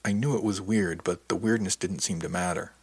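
Deep, husky male narrator. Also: steady tone, a little fast, dry recording. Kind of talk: audiobook narration.

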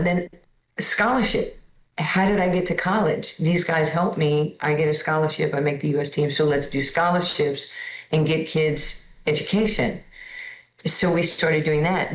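A woman in her sixties from New York, telling candid, self-deprecating stories as a guest in a lively conversation. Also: deep voice, reverberant, rough recording. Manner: lively, candid, self-deprecating, repeats words when starting. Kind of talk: storytelling in conversation.

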